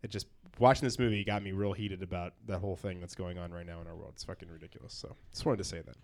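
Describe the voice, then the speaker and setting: A man hosting a casual podcast chat, relaxed and blunt, moving through segments. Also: sits low, fast talker. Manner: relaxed, swears, runs the segments.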